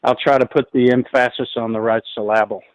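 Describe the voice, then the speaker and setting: A man from New Jersey, a musician guest in a casual interview, talking in a relaxed, rambling way with many fillers. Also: mid-range voice, fairly quick, dry recording, muffled recording. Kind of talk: casual interview over the line.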